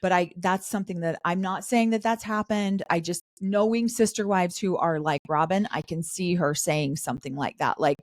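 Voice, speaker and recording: A middle-aged woman co-hosting a podcast, chatting casually about a show and acting out the cast's lines in quick asides. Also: on the low side, no echo, clean studio sound. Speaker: podcast co-host. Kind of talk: casual recap chat.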